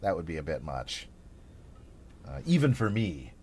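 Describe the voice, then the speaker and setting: A man's voice: deep voice, sing-song, unhurried, a little mellow, slightly rough. Rambling, playful male game streamer. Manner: rambling, filler-heavy, playful, self-described over the top. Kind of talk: casual live-stream chat.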